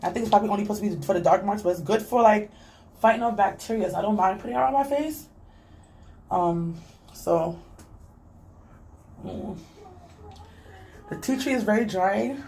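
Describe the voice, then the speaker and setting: A woman's voice: mid-range voice, normal speed, vocal fry, long pauses, a little mellow, slight background noise. A young woman vlogging casually while she cleans, rambling and chatty, talking to a child off camera and reading comments aloud.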